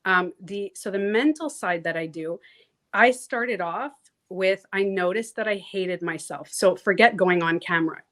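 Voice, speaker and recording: Woman guest coach, mid-pitched, lively and chatty, mimics voices, casual swearing. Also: unhurried. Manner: animated, acts out inner voices, laughs easily, swears casually. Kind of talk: casual interview talk.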